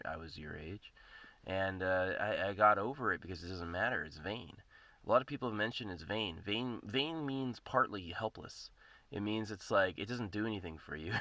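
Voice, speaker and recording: A man's voice: low voice, bright, forceful tone, no room sound. A man ranting in a casual monologue as the host of his own podcast, swearing often, rambling and repeating himself.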